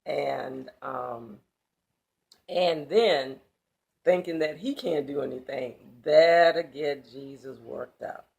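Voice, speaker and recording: A woman teaching a Bible passage in sermon style, speaking slowly with a gravelly edge. She is emphatic and breaks into casual, colloquial asides. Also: low voice, a little mellow.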